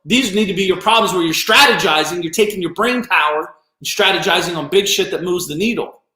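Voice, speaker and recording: A man's voice: sits high, expressive, brisk, few pauses, sharp tone. Blunt, scolding man in an echoey room. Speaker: business owner. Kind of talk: motivational live-stream rant.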